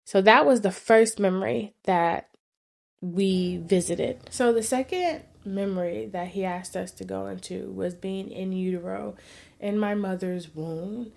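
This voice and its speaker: A woman vlogger earnestly telling a personal story in a reflective, sometimes soft-spoken way. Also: medium pitch, unhurried, creaky.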